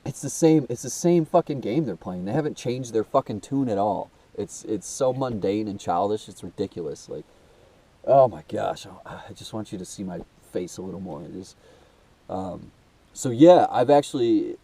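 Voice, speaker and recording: Here a young self-made video host with a blocked nose and labored breathing delivers a rambling, emotional monologue to camera. His lowish voice is animated, mellow, slightly rough, and moderately paced, caught on a distant mic. He's casual and profane, calls the listener dude, and fills his talk with restarts and fillers.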